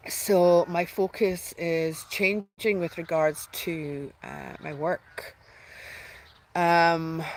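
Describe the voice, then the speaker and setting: A woman's voice: deep voice, low-quality recording. Heartfelt rambling woman, faint hiss. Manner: heartfelt, rambling, many restarts and fillers. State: tearful at times. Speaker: spiritual channel host. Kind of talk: emotional personal announcement.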